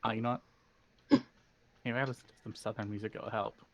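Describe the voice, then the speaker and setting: A man narrating as game master of a tabletop game, relaxed, with frequent fillers. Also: on the low side, normal speed. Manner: relaxed, laughs easily, hesitant fillers.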